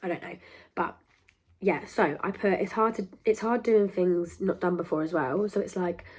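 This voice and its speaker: A young woman hosts a podcast, delivering a casual monologue to camera in a rambling, emphatic style and often interrupting herself. Her voice is on the low side and slightly rough, and her pace is moderate.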